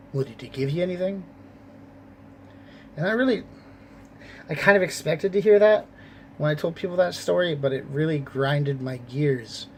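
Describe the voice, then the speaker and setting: Man, store clerk, sweary animated storyteller, a bit high-pitched, faint hum behind. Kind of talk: casual storytelling vlog.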